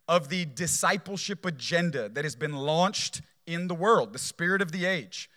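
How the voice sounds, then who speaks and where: A man delivers a sermon in a bright, forceful voice that sits a little above the usual male pitch. He preaches conversationally, checking in with the listener with "right?" and circling back over his key words for emphasis. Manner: conversational preaching, frequent "right?" tags, repeats phrases for emphasis. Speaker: pastor.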